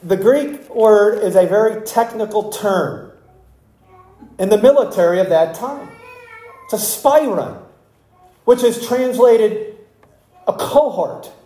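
A preacher giving an expository sermon, speaking slowly and emphatically and asking the congregation rhetorical questions. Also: mid-range voice, animated, dark tone. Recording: echoey room.

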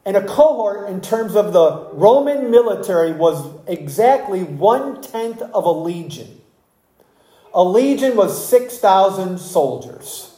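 A preacher giving an expository sermon, speaking slowly and emphatically and asking the congregation rhetorical questions. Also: medium pitch, mellow. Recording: echoey room.

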